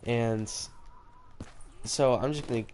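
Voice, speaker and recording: A man's voice: mid-range voice, takes it slowly, darkish tone, a little hiss or hum. A man telling a personal story in a casual, rambling way, correcting himself often and using many fillers. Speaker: gaming vlogger telling a story. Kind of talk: casual storytelling over gameplay. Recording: game audio and clicks behind. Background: game announcer, gunfire, keyboard clicks.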